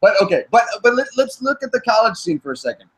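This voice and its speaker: A man's voice: very high-pitched, quick pace, vocal fry, low-quality recording. A man with a northern New Jersey accent, leading a casual panel debate, asking long questions with frequent restarts. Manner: stumbling restarts, animated questioning.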